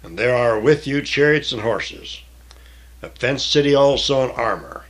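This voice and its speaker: A man reads through a scripture passage at a measured pace, breaking off now and then to explain it in everyday words. His voice sits at an ordinary middle pitch. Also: lively intonation. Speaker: Bible teacher. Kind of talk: Bible reading with commentary.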